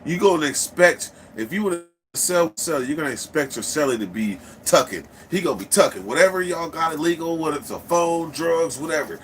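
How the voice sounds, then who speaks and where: A man's voice: a little high, fairly quick, few pauses, slight background noise. A man casually telling a story, swearing freely and acting out the people in it. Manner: profane, animated, acts out quoted people.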